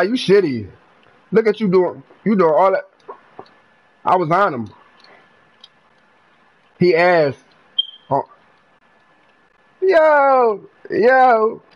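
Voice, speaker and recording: A young man from North Carolina, giving live gameplay commentary full of profane trash talk and bursts of yelling. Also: high voice, very animated, slow pace, long pauses, dull audio. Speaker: gamer streamer.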